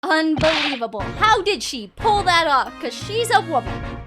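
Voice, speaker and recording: Brief: lively woman let's player, very high voice, game music behind. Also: a little slow. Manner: lively, reads all parts herself. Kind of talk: casual game commentary and reading dialogue aloud.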